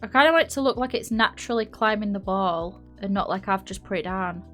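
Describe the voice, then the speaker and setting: Over faint background music, a woman with a Yorkshire accent chats quickly at a medium pitch, her tone a bit bright. A live streamer playing a building game, she rambles casually, laughing often and correcting herself as she goes.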